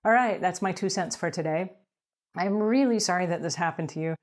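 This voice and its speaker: A woman's voice: fairly low pitch, brisk. A woman giving emphatic, direct advice to house cleaners as a business coach in an advice talk.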